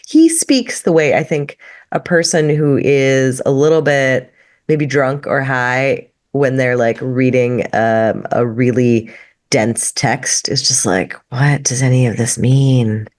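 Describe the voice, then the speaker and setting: Low-voiced wry woman guest. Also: slow pace. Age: adult with a child. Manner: wry, deadpan, thoughtful. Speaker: guest, political activist and writer. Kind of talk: casual podcast chat.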